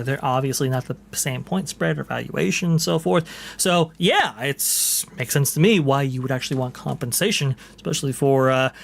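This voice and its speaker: A man's voice: medium pitch, gravelly. A man hosting a casual podcast, reading posts aloud and chatting with lots of fillers. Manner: chatty, many fillers, repeats "right here". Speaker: podcast host.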